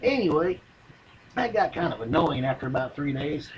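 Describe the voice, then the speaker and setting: A man's voice: on the high side, big pitch swings, moderate pace, highs cut off, a little hiss or hum. A man telling a rambling, profane comic yarn in folksy, drawling speech. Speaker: comedian telling a story. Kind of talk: stand-up comedy monologue.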